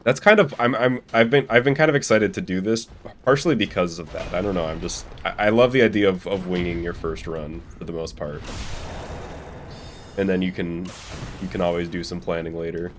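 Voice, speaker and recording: A young man with a deep, brisk voice streams a speedrun, chatting casually over his gameplay while swearing and laughing at his own mistakes. A faint hiss or hum sits under the audio.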